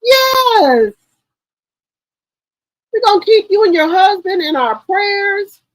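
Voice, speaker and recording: A woman's voice: very high voice, normal speed, dry recording, low-quality recording. A woman hosting a gossip channel in casual livestream commentary, talking straight to her viewers with heavy swearing.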